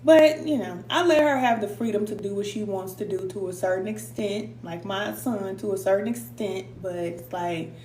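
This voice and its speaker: A woman's voice: medium pitch, moderate pace, hardly any pauses, a little mellow. Chatty woman hosting a live stream. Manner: informal, laughs often, reads out viewer comments. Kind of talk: casual live stream chat with viewers. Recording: echoey room with faint hum.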